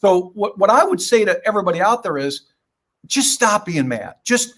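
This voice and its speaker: A man's voice: high-pitched, animated, moderate pace, fairly bright tone. An older man speaking as a podcast guest, giving emphatic, preachy advice in short punchy phrases and telling stories. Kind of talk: motivational podcast talk.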